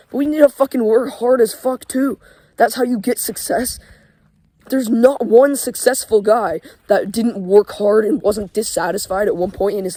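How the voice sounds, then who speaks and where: A man's voice: high voice, darkish tone. A young man giving a casual motivational rant, emphatic and profane, with lots of "like" fillers. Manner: profane, emphatic, heavy use of 'like' fillers. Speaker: motivational vlogger. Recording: voice over clear background music.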